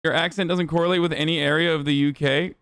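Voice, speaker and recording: Man, streamer, rambling sweary commentary, higher pitch, crisp voice. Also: steady tone, fast talker, fairly bright tone, no room sound. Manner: profane, rambling, sarcastic. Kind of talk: casual livestream commentary.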